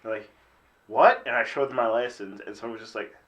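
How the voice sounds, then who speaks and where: A man chiming in quickly in a casual chat. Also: mid-range voice, steady tone, fairly bright tone.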